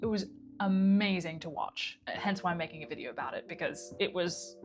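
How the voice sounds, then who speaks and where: A woman's voice: fairly low pitch, a little fast, faint music behind. A woman working as a mind-body coach, telling a story to camera in a conversational way and re-enacting the words of the people in it.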